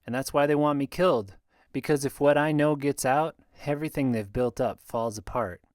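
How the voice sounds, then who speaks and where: A male audiobook narrator with a mid-pitched voice, telling a fantasy story at an even, measured pace. The recording is close and dry, with no room sound. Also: no room sound. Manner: measured storytelling, voicing characters lightly.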